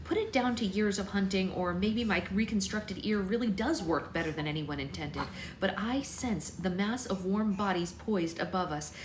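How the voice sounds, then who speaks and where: A young woman hosting a book club, reading a novel aloud live in a chatty way and pausing to soothe her baby. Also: medium pitch, slight background noise. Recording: echoey room, faint ambience.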